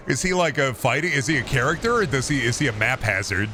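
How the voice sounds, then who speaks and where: A man's voice: medium pitch, animated, fast, background noise. A man streaming a game, rambling through casual, profane commentary full of jokey asides.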